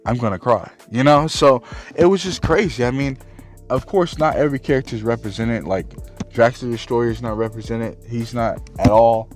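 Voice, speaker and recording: Guy ranting about a movie, swears a ton, rambles with lots of you-knows, mid-pitched voice. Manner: heated, profane, rambling with many fillers. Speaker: movie ranter. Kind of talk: casual unscripted rant.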